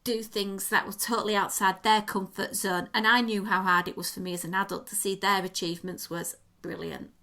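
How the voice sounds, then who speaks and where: Woman, bright voice, animated storyteller, casual podcast chat. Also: medium pitch, fairly quick, few pauses. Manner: animated storyteller, lively and expressive. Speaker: podcast co-host.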